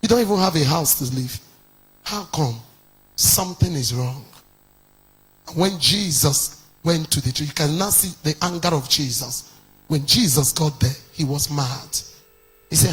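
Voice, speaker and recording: A man preaching a sermon, firing off rhetorical questions and rising into shouted decrees. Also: a little high, a little slow, pauses often, slightly rough. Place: church.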